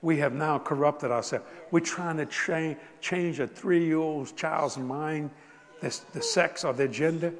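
Older Cajun preacher, animated and folksy, slightly high voice, lots of laughter, big reverberant hall. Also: male voice, unhurried. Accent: Cajun Southern US. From South Louisiana. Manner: animated, laughing, Southern drawl, rising to exclamations. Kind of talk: folksy storytelling sermon.

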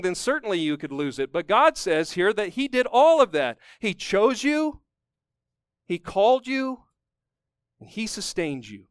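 High-voiced man preaching emphatically. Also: clean tone, dry recording, studio quality. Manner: emphatic preaching, rising to fervent peaks then dropping low. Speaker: pastor. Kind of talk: sermon.

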